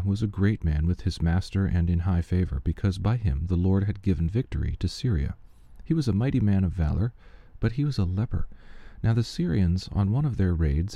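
A man giving a steady, measured reading of Bible passages aloud, with the odd slip he corrects. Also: sits low, no echo. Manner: steady, measured reading with small slips and restarts. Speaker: scripture reader.

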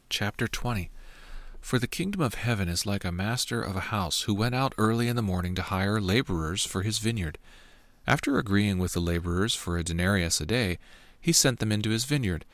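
A man giving a steady, measured reading of scripture. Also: on the low side, dry recording. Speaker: scripture reader.

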